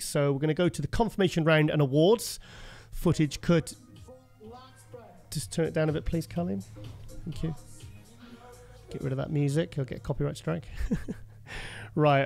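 A man's voice: fairly high pitch, a little mellow. Enthusiastic British male podcast host. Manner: enthusiastic, repeats himself, says mate a lot. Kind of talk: casual interview chat.

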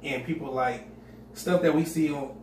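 A man's voice: a little high, normal speed, darkish tone. A man co-hosting a casual podcast chat, rambling as he explains and repeating words while he searches for them. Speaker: podcast co-host. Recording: echoey room, distant mic, faint noise.

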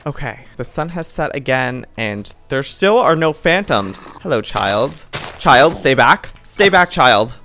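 A man giving lively, theatrical gameplay commentary as a channel host, talking to the game's creatures with mock outrage. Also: mid-range voice, unhurried, vocal fry, slight background noise. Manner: animated, theatrical, talks to game mobs with mock outrage.

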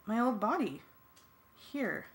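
A woman's voice: on the high side, big pitch swings, slow. A woman voicing an awkward, unsure teenage boy who speaks hesitantly in a fan audiobook. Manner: hesitant and embarrassed.

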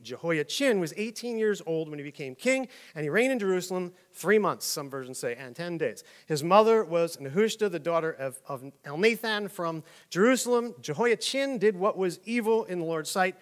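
Male pastor, middle-aged, high-pitched, animated, comic storyteller. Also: moderate pace, hardly any pauses. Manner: animated storytelling with jokes and acted-out voices. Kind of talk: conversational sermon.

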